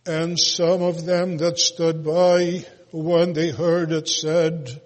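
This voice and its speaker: A man reading scripture aloud in a solemn, slow, almost chanted way, with occasional hesitant pauses. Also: a little high, little pitch movement. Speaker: scripture reader. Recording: long hall reverb.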